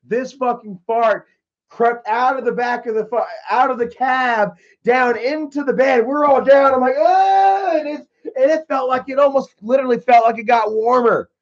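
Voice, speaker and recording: A man's voice: very high-pitched, steady tone, moderate pace. A young man hosting a casual livestream, telling rambling stories full of swearing and answering chat. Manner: swearing, laid-back storytelling. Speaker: livestream host. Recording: dull lo-fi stream audio.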